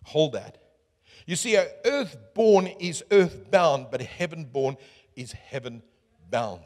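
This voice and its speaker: A man preaching a sermon as pastor, swinging from booming calls to hushed asides and asking the crowd questions. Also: animated, slow pace. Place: church hall. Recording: echoey church hall.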